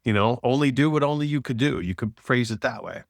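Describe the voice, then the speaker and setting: A man talking as a podcast guest, telling a lively story and acting out the people in it. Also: medium pitch, fairly quick, vocal fry, dry recording, clean studio sound. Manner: animated storyteller, acts out quoted voices. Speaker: podcast guest, author and speaker. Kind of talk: casual storytelling conversation.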